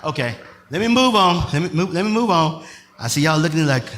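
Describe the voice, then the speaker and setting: A male pastor preaching a sermon, swinging from loud shouted lines to soft asides with bursts of laughter. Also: fairly high pitch, very animated, quick pace, a little hiss or hum.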